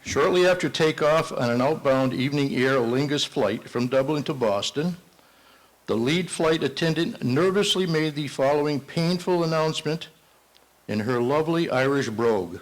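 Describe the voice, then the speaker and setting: A man's voice: fairly high pitch, normal speed, rough recording. An older man from Massachusetts giving a parade marshal's acceptance speech at a banquet, telling a joke and chatting in folksy, self-deprecating asides. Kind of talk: ceremonial speech with a told joke. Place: banquet hall at a ball.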